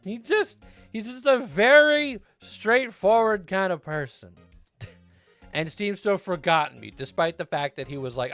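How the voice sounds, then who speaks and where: A man streams a video game and chats casually with viewers about the gameplay, rambling and laughing often into a desk mic. His voice is high-pitched, a bit slow, and fairly bright, with soft music playing behind him.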